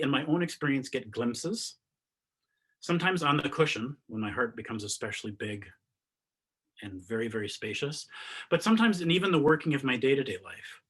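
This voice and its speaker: Husky-voiced man giving a spiritual talk. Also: medium pitch, fairly quick. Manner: earnest, animated, rising to emphatic questions and dropping to soft endings. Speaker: meditation teacher. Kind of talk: spiritual talk over video call. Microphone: video call.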